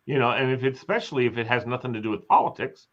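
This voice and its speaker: A man's voice: medium pitch, rapid-fire. A man hosting a casual live chat, telling rambling stories and acting out quotes. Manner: rambling storyteller, chatty, acts out quotes. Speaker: host. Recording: slightly dull lo-fi sound.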